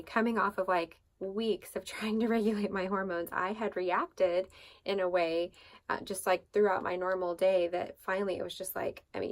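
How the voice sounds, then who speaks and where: Gravelly-voiced woman sharing her faith. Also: mid-range voice. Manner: conversational, rambling with fillers and restarts. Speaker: devotional podcast host. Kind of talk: personal faith testimony.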